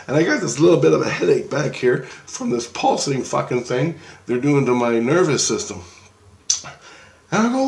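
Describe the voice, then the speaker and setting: A man's voice: a little high, fairly quick, creaky, roomy sound. Rambling, profane man. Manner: rambling, excitable, profane, acts out the dialogue. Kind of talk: casual rambling storytelling.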